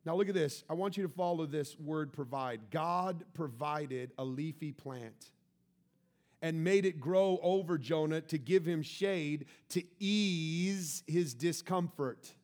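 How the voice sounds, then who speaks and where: A man preaching a sermon, reading scripture and acting out the characters, with laughter and sudden loud bursts. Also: on the high side, measured pace, hardly any pauses. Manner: animated, acts out the scripture with shouts and laughter. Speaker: pastor.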